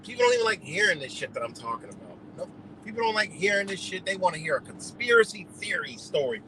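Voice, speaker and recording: A man's voice: sits high, lively intonation, fast talker, noisy background. A man ranting heatedly and profanely in a rambling live monologue, streaming from a car on the road. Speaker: livestreamer.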